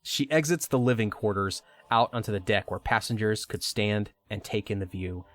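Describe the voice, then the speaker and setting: A man's voice: on the low side, normal speed, fairly bright tone. A man hosting a podcast, reading a retelling of a video game story and breaking in with joking asides. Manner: reads narration with joking asides. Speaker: podcast host.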